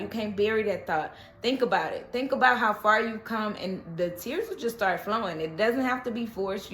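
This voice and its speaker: A woman giving a casual, animated tarot reading, often checking in with "okay?" and repeating reassurances. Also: medium pitch. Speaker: tarot reader. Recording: echoey room with faint noise.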